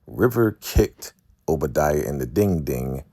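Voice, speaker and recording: A man's voice: rumbling low, animated, a little slow, mellow, no echo, clean studio sound. A man casually recapping a TV episode for his viewers, chatty and calling them family. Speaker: recap host.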